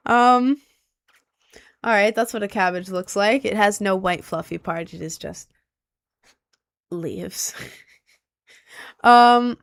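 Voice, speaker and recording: A woman's voice: medium pitch, slow pace, long pauses, no echo, studio quality. A young woman streamer chatting casually with her viewers, rambling and easily sidetracked in an upbeat way.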